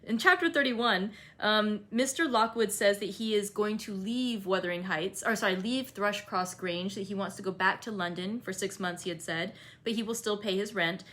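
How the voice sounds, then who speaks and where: A woman hosting an online read-aloud group, chatting casually as she recaps the plot and slips into quick quoted asides. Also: mid-range voice, a bit bright. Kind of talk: casual book-club recap.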